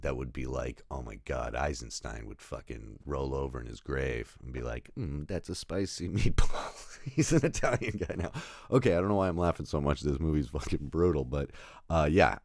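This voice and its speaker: Very deep gravelly man rambling. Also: no echo, studio quality. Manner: rambling, self-interrupting, laughs at own jokes, swears. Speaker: film reviewer. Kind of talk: casual spoken film review.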